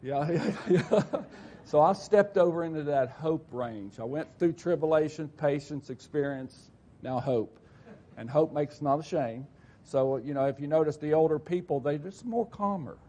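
A man's voice: fairly high pitch, moderate pace, mellow. A man in his sixties preaching a folksy church sermon, rambling and homespun, with frequent restarts and self-corrections. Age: 60s.

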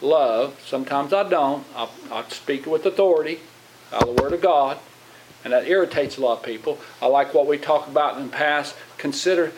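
A man preaching a plain-spoken sermon in a church, with a voice pitched a little higher than most men's. He talks conversationally and keeps asking the congregation questions. A faint hiss sits under his voice. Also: fairly quick, poor audio. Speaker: pastor.

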